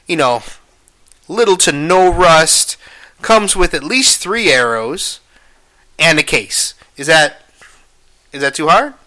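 A young man hosting a podcast, rambling casually and cursing a lot, swinging between low mumbles and loud exclamations. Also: animated, slow, long pauses. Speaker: podcast host.

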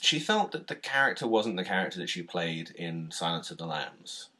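A British man co-hosting a podcast, chatting casually about a film, animated, laughing often and restarting his sentences. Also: deep voice, normal speed. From Britain. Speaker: podcast co-host.

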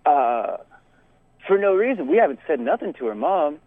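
Young man, animated storyteller, lots of uh and laughs, phone-line sound, dry. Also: a little high, moderate pace, no echo. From Texas. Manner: animated, laughs often, many fillers. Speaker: podcast co-host telling a story. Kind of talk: casual storytelling.

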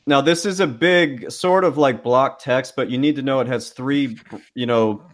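A man with a mid-pitched voice co-hosts a podcast and reads listener donation messages aloud. His delivery is dry and matter-of-fact, in casual chat. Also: moderate pace.

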